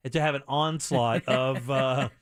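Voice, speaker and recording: A man hosting a call-in radio show, chatting casually, animated and self-deprecating, often restarting his sentences. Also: medium pitch, measured pace, no echo, clean studio sound.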